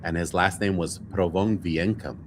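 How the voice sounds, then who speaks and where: A man's voice: deep voice, fairly even intonation, moderate pace, a little hiss or hum. A man hosting a casual chat, telling laid-back, amused stories with some swearing. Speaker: host.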